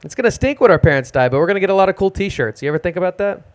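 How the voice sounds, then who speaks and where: A young male comedian does a deadpan, self-deprecating stand-up set at an open mic on a small live music club stage. His voice is high-pitched and he talks at a racing speed.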